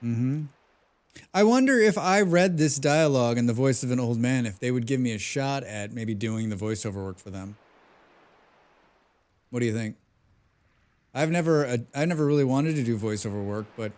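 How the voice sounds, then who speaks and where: A man's voice: medium pitch, darkish tone. A man streaming a video game, rambling and joking about himself as he plays. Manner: rambling, joking, self-deprecating. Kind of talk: casual gaming livestream commentary.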